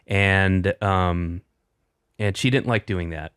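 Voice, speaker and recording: A man's voice: low voice, measured pace, fairly bright tone, smooth, dry recording, clean studio sound. A middle-aged man, a comedian, chatting casually and telling a rambling story with offhand swearing. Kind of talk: casual chat.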